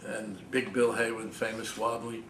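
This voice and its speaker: An older man tells stories to a cafe audience, laughing and mimicking others as he goes. He sits away from the microphone, so his voice arrives echoey and a little distant. Steady background noise runs under the whole talk. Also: on the low side, moderate pace. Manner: animated, laughing storyteller, mimics his father's voice. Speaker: author giving a talk. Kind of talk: anecdotal storytelling talk. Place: small cafe, audience present. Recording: roomy, distant mic, noisy.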